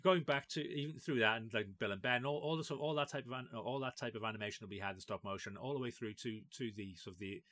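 A man's voice: mid-range voice, quick pace, few pauses, fairly bright tone. A man co-hosting a podcast, rambling casually with lots of restarts. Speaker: podcast co-host. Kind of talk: casual chat.

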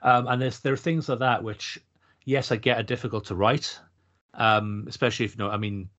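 A man's voice: mid-range voice, fairly even intonation, brisk, fairly bright tone. Middle-aged male co-host, casual and rambling, on muffled lo-fi audio. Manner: thoughtful, meandering, frequent restarts. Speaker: podcast co-host. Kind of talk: casual podcast chat. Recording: dull lo-fi podcast audio.

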